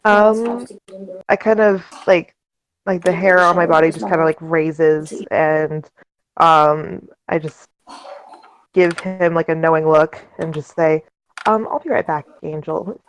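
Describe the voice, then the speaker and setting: Hesitant woman playing a tabletop game, slow. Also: low voice, fairly even intonation, rough recording. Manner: hesitant, full of fillers. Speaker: player. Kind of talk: casual tabletop play.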